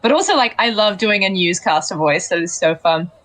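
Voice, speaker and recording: A woman's voice: fairly low pitch, lively intonation, a little fast, a bit bright. A woman who plays in a tabletop game, chatting casually during a break and laughing often.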